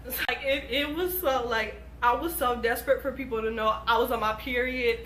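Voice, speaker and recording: A young woman telling a casual storytime on her vlog, animated and swearing freely. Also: on the high side, brisk, a little hiss or hum. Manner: animated, swears freely, acts out quoted voices. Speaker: vlogger. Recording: echoey room.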